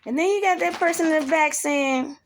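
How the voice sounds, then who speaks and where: Speaking a little fast in a high-sitting voice, a woman vlogger chats casually to camera, blunt and profane, acting out the people she quotes. There's a slight hiss or hum in the audio.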